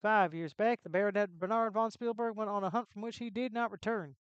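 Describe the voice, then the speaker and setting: A woman's voice: medium pitch, steady tone, a little fast, clear, resonant tone, no echo, dull audio, natural voice. A woman voicing a solemn male castle gatekeeper, reading the game's lines in plain speech. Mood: informative. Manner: plain game-text reading.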